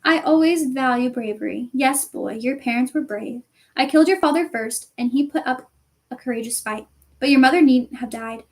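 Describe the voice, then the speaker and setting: A woman reading aloud and voicing a cruel male dark wizard who snarls and hisses his threats. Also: sits high, moderate pace. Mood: mocking.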